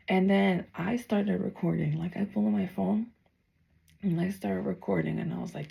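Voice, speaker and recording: A young woman casually retelling a strange dream, chatty and full of "like", sometimes mumbling softly and sometimes getting heated. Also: medium pitch, steady tone, normal speed, gravelly, rough recording. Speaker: storyteller recounting a dream.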